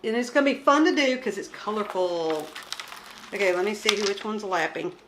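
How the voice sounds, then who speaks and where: Showing her craft kit, this woman vlogger talks in a loose, rambling show-and-tell way, poking fun at herself. She speaks at a normal speed in a medium pitch, with background noise present.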